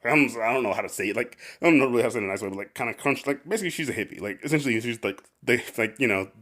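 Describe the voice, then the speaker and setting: A man's voice: mid-range voice, animated, racing, fairly bright tone. A man hosting a casual podcast, rambling with lots of fillers and laughing often. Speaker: podcast host.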